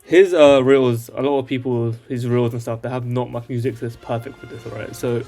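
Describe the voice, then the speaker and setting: A man's voice: mid-range voice, steady tone, a little fast, warm tone, faint music behind. A man hosting a casual screen-share tech tutorial, rambling through the steps and tagging his lines with "alright?".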